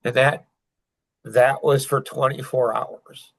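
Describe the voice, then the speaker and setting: An older man telling a painful personal story as a podcast guest, halting and full of restarts. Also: medium pitch, fairly even intonation, a bit bright, dry recording, rough recording. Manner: halting, emotional retelling with many restarts.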